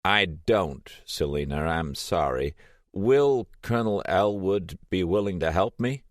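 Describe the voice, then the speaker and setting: Narrator doing a commanding male professor, deep voice, urgent, audiobook. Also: expressive, measured pace, no room sound, clean studio sound. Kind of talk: audiobook character voice.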